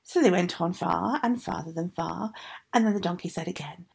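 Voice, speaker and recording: Husky woman reading a fairy tale. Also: fairly low pitch, moderate pace. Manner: expressive, sing-song reading. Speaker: storyteller. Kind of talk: fairy tale read aloud.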